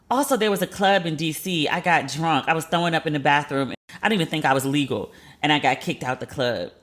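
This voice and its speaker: A woman podcast host telling a story in a candid, casual way, swearing freely and acting out what people said with sharp jumps in pitch. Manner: candid and profane, acts out quotes with lively jumps in pitch.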